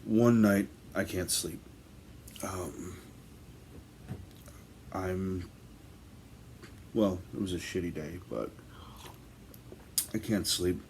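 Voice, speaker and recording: A man's voice: low voice, extremely slow, pauses often, a little mellow, slight background noise. A man telling a ghost story from his own life in a casual, rambling way, full of ums and restarts. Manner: rambling, filler-heavy, conversational.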